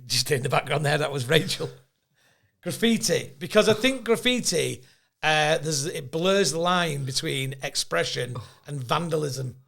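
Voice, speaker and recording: A man in his fifties hosting a podcast, chatty and quick to laugh as he tells stories. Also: on the high side, lively intonation, vocal fry, fairly bright tone. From England. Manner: chatty storyteller, laughs often. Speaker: podcast host. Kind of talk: casual chat.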